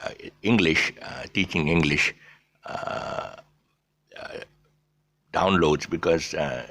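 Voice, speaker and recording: A man with a deep, low-pitched voice and a gravelly edge teaches pronunciation in a loose, unscripted way. He stops often for fillers and restarts, and spells out letters as he explains. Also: takes it slowly, bright, forceful tone. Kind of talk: casual pronunciation lesson.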